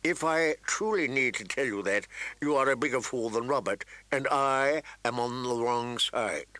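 Man voicing a male eunuch spymaster, courtly, sly, soft and measured, thin sharp edge, bright tone, dry sound. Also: medium pitch, very animated, no room sound, exaggerated voice. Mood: sharp urgent. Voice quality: soft, smooth tones turning thin and sharp. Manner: polite, measured and insinuating.

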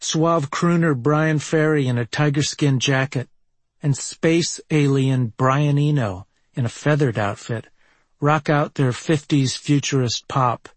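A man from Minneapolis reads his own travel memoir in a wry, deadpan manner. His voice sits at a middling pitch. The sound is dry and close, with no room echo. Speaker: memoir narrator. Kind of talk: reading a personal travel memoir.

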